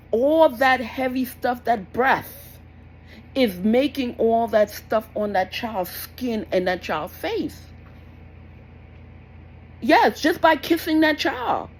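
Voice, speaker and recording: A young woman with a slightly high, husky voice and darkish tone is heard on a low-quality recording. As a parenting vlogger, she rants casually with blunt, scolding advice, repeating herself often.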